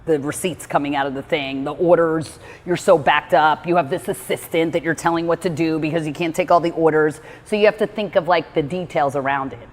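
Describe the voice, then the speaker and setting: A woman's voice: deep voice, fairly even intonation, a little fast, hardly any pauses, a little mellow. A woman giving a casual motivational talk, rambling with lots of "like" and acting out her own inner dialogue. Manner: chatty, rambling, heavy use of "like". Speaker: motivational speaker on meditation. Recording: reverberant room.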